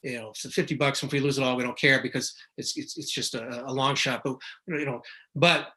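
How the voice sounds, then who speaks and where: A man's voice: mid-range voice, fairly even intonation, a little fast, bright, forceful tone. A middle-aged man who is a market analyst, talking casually and rambling, with many restarts and self-corrections, now and then mimicking panicked investors. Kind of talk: casual explanatory talk.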